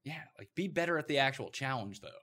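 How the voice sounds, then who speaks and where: A man from eastern Canada co-hosting a podcast, chatting casually in quick banter with restarts. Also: medium pitch, lively intonation, pushed and bright. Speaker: podcast co-host. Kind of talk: casual chat.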